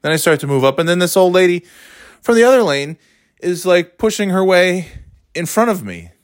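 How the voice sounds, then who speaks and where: A man's voice: high voice, normal speed, no echo, studio quality. A man telling a casual, swear-laden anecdote, tired and exasperated, with mocking asides. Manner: animated, swearing, mocking voices in quotes. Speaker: storyteller.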